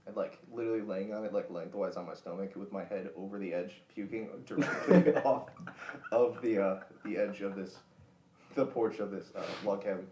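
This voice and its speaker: A man's voice: on the low side, fairly even intonation, normal speed, darkish tone. A young man hosting a podcast, telling a rambling story in a laid-back, profane way. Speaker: podcast host. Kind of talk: casual storytelling chat. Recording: roomy, distant mic with faint noise.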